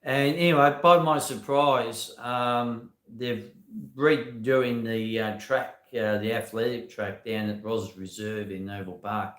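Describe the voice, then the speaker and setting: A man's voice: mid-range voice, steady tone, takes it slowly, few pauses, fairly bright tone, reverberant. An Australian man hosting a casual live stream, rambling with many ums and uhs and greeting viewers by name as he talks into a phone.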